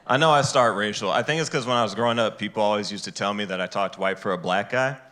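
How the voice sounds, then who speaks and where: A man doing a stand-up set on a club stage. He is animated and jumps into high, squeaky character voices for the people in his stories, speaking into a handheld mic. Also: fast talker. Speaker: stand-up comedian. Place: comedy club stage with a live audience.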